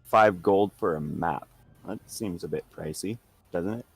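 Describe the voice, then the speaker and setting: A man's voice: deep voice, a little slow, vocal fry, slightly rough. A man casually playing a tabletop game, talking in hesitant stumbling phrases. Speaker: player.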